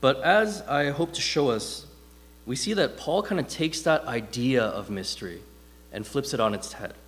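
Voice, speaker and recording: A man's voice: medium pitch, moderate pace. A man preaching a sermon in a casual, conversational way, telling stories with plenty of fillers. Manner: conversational, animated storytelling with frequent fillers. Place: church hall. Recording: long hall reverb.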